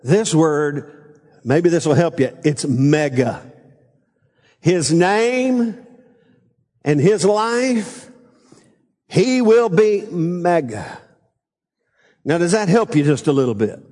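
A male pastor with a notably high voice delivers a loose, conversational Sunday sermon. He regularly asks the congregation to say phrases back to him. His voice carries a long reverb from a church sanctuary. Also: expressive, slow pace, long pauses, a little mellow. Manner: conversational preaching with call-and-response prompts.

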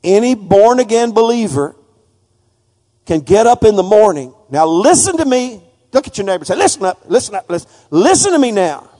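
A male preacher giving a folksy sermon that builds to fervent, shouted praise. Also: sits high, sing-song, a little fast, in a large hall.

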